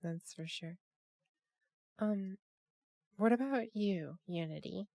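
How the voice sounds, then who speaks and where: A woman's voice: mid-range voice, slow, gravelly, warm tone, no room sound. A woman hosting a casual group chat over a call, rambling with many restarts and fillers. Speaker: podcast host.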